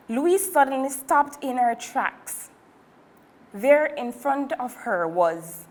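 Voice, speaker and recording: A woman reading a picture book aloud to children. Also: on the high side. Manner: slow and expressive. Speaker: storyteller.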